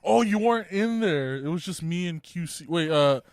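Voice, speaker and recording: A young podcast co-host in a podcast room with a couch tells a story through casual, profane banter, laughing often. His voice sits high and is expressive at a moderate pace, and the studio sound is clean with no room sound.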